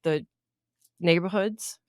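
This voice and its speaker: A woman's voice: on the low side, takes it slowly, a little mellow, no room sound, studio quality. A woman co-hosting a podcast, telling a dating story in casual chat, laughing often and acting out her own thoughts. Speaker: podcast co-host.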